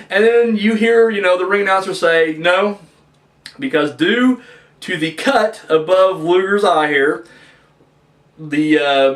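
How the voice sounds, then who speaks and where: A young man hosting a casual wrestling review, ranting and swearing with lively energy. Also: sits high, roomy sound, distant mic. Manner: ranting, profane, animated.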